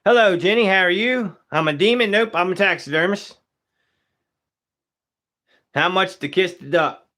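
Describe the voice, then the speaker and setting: A man's voice: sits high, moderate pace, pauses often, pushed and bright. A young man, a taxidermist, chatting casually on a live stream, greeting viewers by name and joking as he works. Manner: laid-back, greets viewers by name, Southern-style casual grammar.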